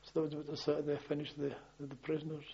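An older man telling wartime memories as a former policeman, in a halting, rambling way full of restarts and chuckles. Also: on the high side, completely flat delivery, gravelly, mellow, slightly rough, highs cut off. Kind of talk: oral history storytelling.

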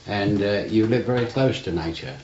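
In an oral history interview, an older navy veteran rambles through his stories, often adding "you see". His voice is fairly low and darkish, with lively intonation and a moderate pace, recorded on roomy, dull archival tape with faint hiss.

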